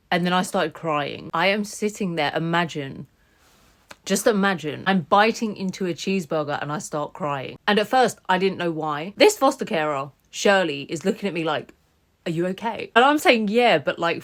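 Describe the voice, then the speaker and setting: A young woman telling a personal story to camera in an earnest, confiding way. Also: fairly low pitch. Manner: earnest, confiding, conversational retelling. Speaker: storyteller recounting foster care.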